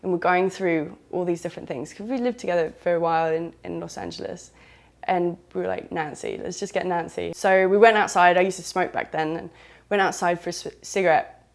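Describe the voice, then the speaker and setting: A woman's voice: fairly low pitch, fairly even intonation, brisk, gravelly. A woman with a southern English accent telling a candid first-person story in a loose, frank, chatty way with British slang. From southern England.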